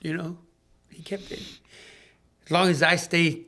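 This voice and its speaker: A man's voice: a little high, flat delivery, a little slow, sharp tone. A man from Southern California tells a personal story in loose, casual conversation. He swears freely and acts out the dialogue, switching voices for each person in it. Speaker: podcast guest in recovery.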